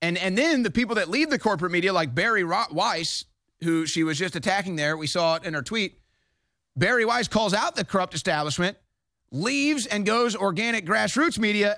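A man's voice: high voice, animated, moderate pace, bright, forceful tone, no echo, clean studio sound. Combative man hosting a talk show. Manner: emphatic, combative ranting. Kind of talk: political talk show commentary.

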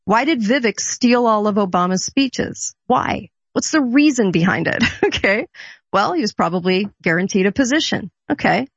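A woman's voice: mid-range voice, lively intonation, moderate pace, husky. A woman giving an emphatic, opinionated talk-show rant, firing off rhetorical questions as she talks. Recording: dull lo-fi dry sound.

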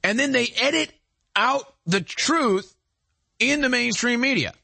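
A man's voice: very high-pitched, lively intonation, measured pace, gravelly, pushed and bright, slightly rough, no echo. A man hosting a show, delivering a heated political commentary monologue in an indignant, emphatic way, piling up rhetorical questions. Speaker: show host.

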